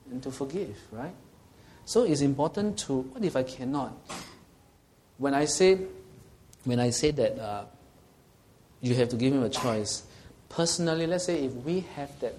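Man, sermon, earnest teaching tone, medium pitch, slight background noise. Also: a little mellow. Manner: earnest and teaching, asks the audience questions, often checks with "okay?". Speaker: preacher.

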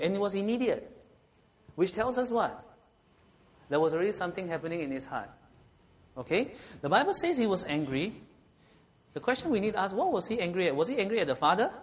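A man preaching a sermon, often asking rhetorical questions and checking in with "okay?". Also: sits high.

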